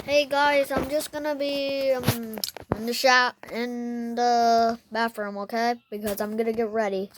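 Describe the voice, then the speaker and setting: A woman casually narrating her doll play, playful and switching between doll voices and quiet asides. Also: on the high side, fairly even intonation, a little slow, few pauses. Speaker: vlogger playing with dolls. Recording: noisy home recording.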